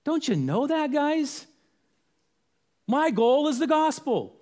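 A man's voice: extremely high pitch, sing-song, slow pace, mellow, pitched above the performer's own voice, full character voice. A man voicing the apostle Paul as a fervent, impassioned man ready to die for his faith. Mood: pleading, fervent. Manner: pleading, impassioned.

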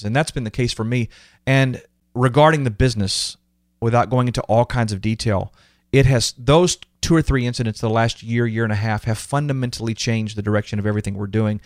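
Recorded with studio quality and no echo, a medium-pitched male podcast host recounts personal stories. His delivery is casual yet earnest and emotional, and he animatedly voices the quotes of people who spoke to him.

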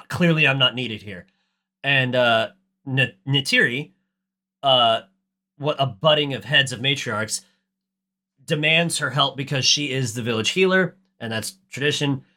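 A man's voice: mid-range voice, bright, forceful tone. A man co-hosting a podcast, recapping a movie in casual chat with a ranty, profane, sarcastic manner. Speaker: podcast co-host.

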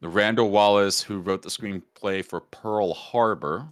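A man's voice: on the low side, fairly even intonation, unhurried, clean tone. A man co-hosting a podcast in casual comedic chat, joking and riffing on silly bits. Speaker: podcast co-host.

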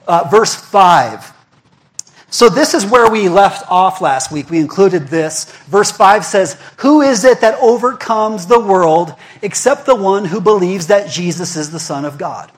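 A man's voice: sits high, expressive, a little slow. A young man preaching a sermon in a conversational way. He asks the congregation questions, repeats himself for emphasis and often restarts his words. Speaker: pastor.

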